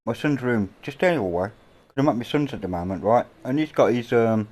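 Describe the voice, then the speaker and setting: A middle-aged man with an English accent, hosting a casual livestream chat from a home, rambling and offhand with casual swearing, on a boom-mounted mic. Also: expressive, fairly quick, a little mellow. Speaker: livestream host. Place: indoors at a home. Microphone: boom-mounted microphone.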